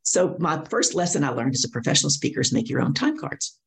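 A middle-aged woman, a guest speaker and coach, telling stories lively and acting out the voices of people she quotes. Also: low-pitched, quick pace, vocal fry. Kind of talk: storytelling interview.

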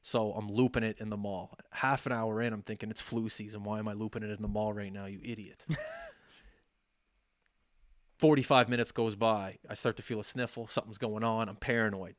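A man's voice: on the low side, fairly quick, no echo, studio quality. A man in his thirties telling a long story on a podcast, acting out each side of the conversations. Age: 30s. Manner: animated, acts out quoted dialogue. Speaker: podcast co-host. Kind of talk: casual storytelling chat.

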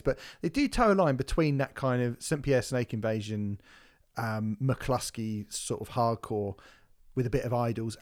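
Sweary, enthusiastic man. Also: mid-range voice. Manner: enthusiastic, sweary, trailing restarts. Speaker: podcast co-host reviewing an album. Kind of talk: casual music review chat.

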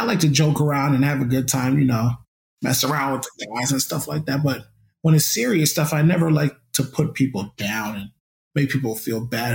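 A man's voice: fairly high pitch, gravelly, darkish tone. A young man, a former college football player, telling his story in an interview in an upbeat, reflective way.

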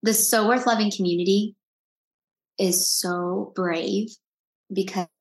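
A woman's voice: mid-range voice, fairly even intonation, slow pace, roomy sound. A woman, the guest in an interview, telling a personal story with earnest feeling and frequent restarts.

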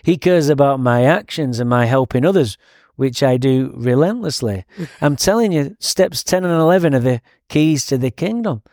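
Man, Manchester accent, swearing storyteller, mid-pitched, dry close sound. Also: normal speed, no echo. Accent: Manchester English. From England. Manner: profane, animated storytelling, laughs often. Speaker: podcast guest. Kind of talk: recovery story, casual chat.

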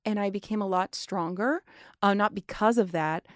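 A woman's voice: medium pitch, moderate pace, no echo, clean studio sound. A woman in casual interview chat, telling stories and acting out what people said. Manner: chatty storyteller, acts out quotes. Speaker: guest.

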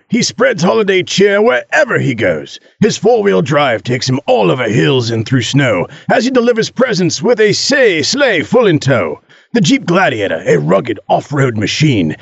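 A man voicing a male character who recites a rhyming Christmas poem in a sing-song, gravelly voice. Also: fairly high pitch, no echo, heavily acted. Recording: dull lo-fi sound.

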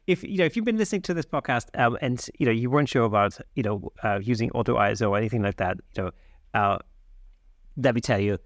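A man's voice: medium pitch, fast talker, no room sound, clean studio sound. A man from Germany, hosting a podcast with a friendly, upbeat manner. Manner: lively, friendly, upbeat sign-off. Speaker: podcast host. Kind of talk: podcast conversation and outro.

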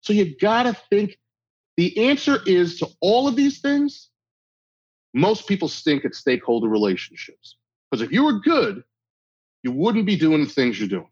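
A middle-aged man speaks bluntly in a tough-love manner, his husky voice swinging widely in pitch. The recording is dry and somewhat dull, like lo-fi audio. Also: sing-song, normal speed, dry recording. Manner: blunt, emphatic tough-love delivery, acts out quoted exchanges. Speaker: guest speaker. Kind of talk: conversational interview talk.

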